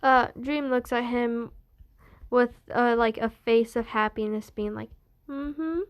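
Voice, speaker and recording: A woman's voice: a little high, little pitch movement, unhurried, clear, resonant tone, highs cut off. A woman retelling a fan story in a meandering, casual way, full of restarts.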